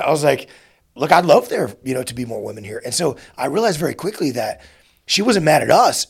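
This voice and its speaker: Gravelly, husky-voiced male podcast host. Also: mid-range voice. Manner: relaxed, halting with many restarts. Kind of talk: conversational interview.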